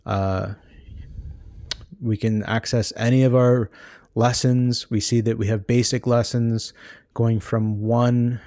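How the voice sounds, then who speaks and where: A man's voice: mid-range voice, little pitch movement, slow pace, long pauses, dark tone, no echo, studio quality. A man patiently walking through a language-learning website, explaining each exercise as he clicks. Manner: patient, explanatory, thinking aloud while clicking. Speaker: language course creator. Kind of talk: screen-recorded website walkthrough.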